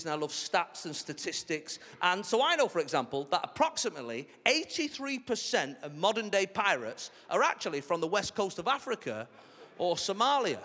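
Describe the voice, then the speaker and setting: A man doing a live stand-up routine on a theatre stage, chatty and animated, with mock-outraged asides. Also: sits high. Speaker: stand-up comedian. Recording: reverberant theatre with crowd laughter. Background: audience laughter.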